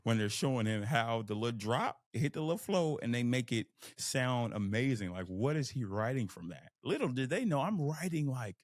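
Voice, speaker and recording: A young man from Texas, hosting a podcast and giving an emphatic, animated motivational talk. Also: medium pitch, moderate pace, hardly any pauses, no room sound, studio quality. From Fort Worth, Texas. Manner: animated, emphatic, acts out inner voices. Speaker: podcast host. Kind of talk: motivational monologue.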